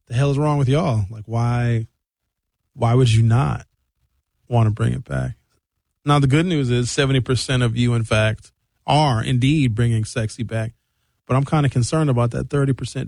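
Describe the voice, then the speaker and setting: A man in his fifties hosting and reading viewer comments in an exasperated, animated comic rant. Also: mid-range voice, gravelly, dry recording, studio quality. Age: 50s. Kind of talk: comedic rant.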